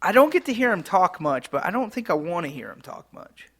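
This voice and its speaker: A man's voice: high voice, sing-song, fairly quick, fairly bright tone. A man co-hosting a casual wrestling chat, talking loosely with lots of fillers and laughs. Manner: chatty, laughing, many fillers. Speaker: podcast co-host.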